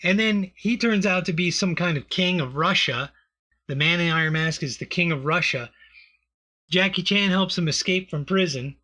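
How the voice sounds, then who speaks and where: A man co-hosting a comedy podcast in loose, profane chat. His voice sits a little high and rings bright. He wanders through his points with plenty of fillers. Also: moderate pace. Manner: rambling, profane, full of fillers. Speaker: podcast co-host.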